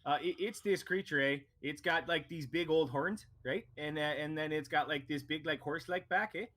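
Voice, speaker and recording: A man's voice: a little high, normal speed, fairly bright tone, lightly acted. A man voicing a chatty, friendly male shopkeeper who rambles and keeps tagging his lines with "eh". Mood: folksy. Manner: folksy, rambling, tags lines with "eh".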